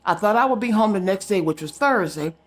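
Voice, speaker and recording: A woman's voice: medium pitch, expressive, brisk. A woman telling a story straight to her viewers in a casual vlog, emphatic and direct. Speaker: psychic vlogger.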